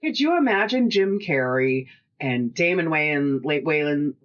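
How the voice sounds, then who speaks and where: A middle-aged woman co-hosting a casual chat, telling animated stories, acting out what people said, and laughing often. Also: low voice, unhurried, dull audio. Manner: animated storyteller who acts out quotes and laughs often. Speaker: podcast co-host and shop owner.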